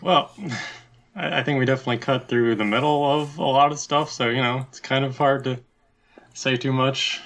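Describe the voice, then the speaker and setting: Gravelly, bright-toned male guest. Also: medium pitch, steady tone, normal speed. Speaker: podcast guest. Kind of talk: casual chat.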